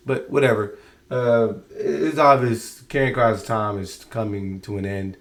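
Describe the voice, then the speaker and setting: A man's voice: on the low side, steady tone, measured pace. A man giving a casual spoken review of a show, exasperated and rambling, often restarting his sentences.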